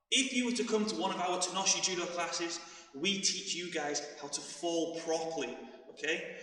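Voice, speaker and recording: Man, judo coach, calling out moves, breathless, distant mic, hall reverb. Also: fairly high pitch. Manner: shouts commands while moving. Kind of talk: online children's class instruction. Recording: echoey hall, mic far off.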